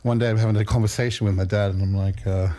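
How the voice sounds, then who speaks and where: A man's voice: fairly low pitch, steady tone, fast, dark tone. A man hosting a casual livestream chat, joking around and laughing often as he tells rambling stories. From Australia. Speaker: livestream host.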